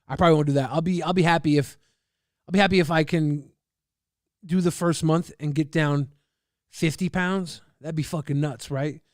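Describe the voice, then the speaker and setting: A man streaming casually, reading and answering chat in a loud, profane, combative rant. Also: on the high side, fairly even intonation, moderate pace, dry recording, studio quality.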